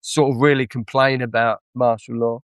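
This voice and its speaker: A man's voice: medium pitch, flat delivery, normal speed, smooth, no echo. A man with a London accent chatting as a podcast guest, self-deprecating and full of hesitant fillers. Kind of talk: casual podcast conversation.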